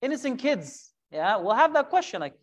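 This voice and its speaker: A man teaching a Quran lesson, animated and full of rhetorical questions, now and then acting out imagined voices. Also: very high-pitched, moderate pace.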